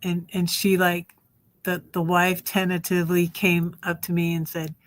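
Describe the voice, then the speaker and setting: A woman's voice: on the low side, level tone, a little slow. A middle-aged woman hosting her own live stream, talking in a rambling, candid and emphatic way. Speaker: livestream host. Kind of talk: casual live-stream monologue.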